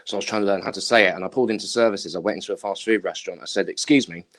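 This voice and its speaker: A man's voice: sits low, fairly even intonation, very fast, fairly bright tone. A man co-hosting a podcast, playful and fond of telling jokes. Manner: playful joke-teller. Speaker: co-host. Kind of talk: casual podcast chat.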